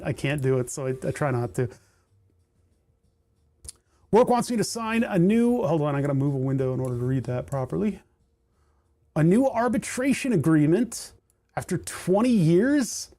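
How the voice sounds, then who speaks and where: Mellow-voiced man rambling on a livestream. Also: a little high. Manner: rambling, many fillers and restarts, self-deprecating laughs. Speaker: livestream host. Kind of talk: casual livestream chat while soldering.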